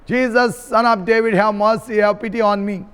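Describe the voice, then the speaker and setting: A man's voice: high voice, fairly even intonation, moderate pace, fairly bright tone, smooth. A man voicing a blind male beggar who cries out for mercy, within a spoken sermon. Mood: pleading. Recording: reverberant hall.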